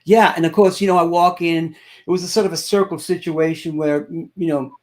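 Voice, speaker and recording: A man's voice: fairly high pitch, brisk. A middle-aged man from Ireland, a guest singer telling a story in an interview and acting out the people he quotes. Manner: animated storyteller, acts out quoted voices.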